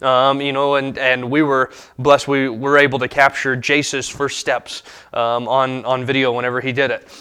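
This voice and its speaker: A man in his thirties preaching a sermon as pastor, pausing often with fillers and restarts. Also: mid-range voice, little pitch movement, sharp tone, clean tone. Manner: halting, many fillers and restarts.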